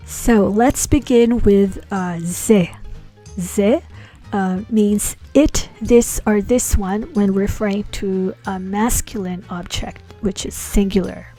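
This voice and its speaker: A woman teaches a Hebrew lesson, explaining slides and walking through grammar patiently, step by step, with many small fillers. Her medium-pitched voice is slow and mellow over soft background music.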